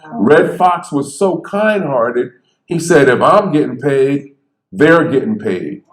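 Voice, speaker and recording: A man's voice: mid-range voice, takes it slowly. Storytelling man on an echoey stage. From Bridgeport, Connecticut. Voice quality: stutterer. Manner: animated, conversational, acts out quotes. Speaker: speaker telling stories on stage. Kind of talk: storytelling talk. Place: theater stage. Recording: echoey theater.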